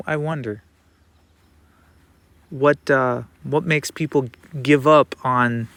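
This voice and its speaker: A man's voice: medium pitch, fairly bright tone, no echo. A man talking to the camera in a rambling personal monologue, repeating words and swearing now and then.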